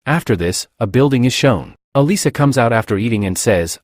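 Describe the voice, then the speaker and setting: Lively male comic-recap narrator. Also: medium pitch, moderate pace, few pauses, dry recording. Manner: reads out every character's lines in turn. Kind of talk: scripted storytelling narration. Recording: dry close-miked voice-over.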